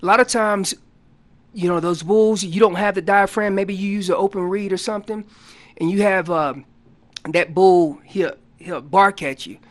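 A man guest on a radio show explaining hunting calls in a casual, animated way, acting out what the animals are saying. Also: sits high, moderate pace. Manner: loose casual grammar. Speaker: elk calling champion guest. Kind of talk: instructional radio interview.

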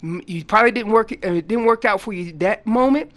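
A man guest on a radio show explaining hunting calls in a casual, animated way, acting out what the animals are saying. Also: high-pitched, brisk. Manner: loose casual grammar. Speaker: elk calling champion guest. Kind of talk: instructional radio interview.

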